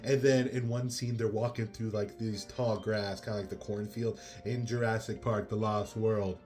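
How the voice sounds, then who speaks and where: A man's voice: fairly low pitch, flat delivery, normal speed, a little mellow, soft background music. A man giving a casual spoken movie review, rambling with many fillers and exasperated asides.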